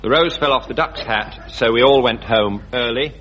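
A man hosting a radio panel game, briskly announcing scores and tasks. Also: medium pitch, a bit bright, slightly rough. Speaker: quiz host. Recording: dull, noisy old radio recording.

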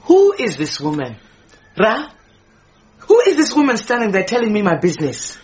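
An actress playing an indignant, possessive housemaid who complains dramatically, in a radio drama. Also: female voice, medium pitch, huge pitch swings, normal speed, darkish tone, dull audio. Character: indignant, possessive housemaid, middle-aged woman.

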